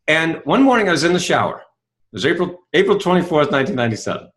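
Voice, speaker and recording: A man's voice: a little high, fast talker. A middle-aged man giving a motivational talk, telling a story and acting out dialogue, with many rhetorical questions. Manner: animated storytelling, acts out dialogue; asks rhetorical questions, says "right?" often. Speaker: self-help speaker.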